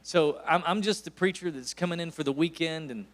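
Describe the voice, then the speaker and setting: This is a guest pastor, a man in his forties with an East Tennessee accent, preaching a sermon through folksy stories punctuated by emphatic peaks. He sounds a little high and moves along briskly.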